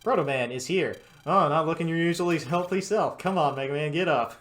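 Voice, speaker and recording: A man's voice: on the high side, brisk, a bit bright. A man giving casual commentary over gameplay, chatty and playful. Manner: chatty, reads game lines in playful voices. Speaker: let's play commentator. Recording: faint game music behind.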